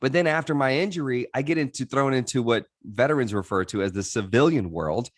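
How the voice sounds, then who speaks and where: A man's voice: mid-range voice, brisk, no room sound. Earnest man telling his story, dry sound. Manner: earnest, reflective, frequent restarts. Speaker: podcast guest. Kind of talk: candid interview storytelling.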